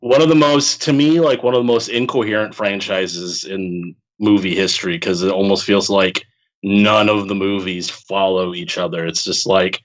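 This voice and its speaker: Chatty low-voiced man laughing through podcast talk. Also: moderate pace, rough recording. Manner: chatty, laughs often, rambling with fillers. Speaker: podcast co-host. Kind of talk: casual podcast chat.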